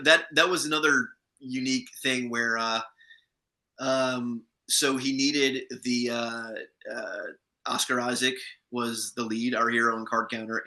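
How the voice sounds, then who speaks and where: An actor being interviewed chats through anecdotes from set, restarting his sentences often. His medium-pitched voice is bright and forceful, and the recording is rough.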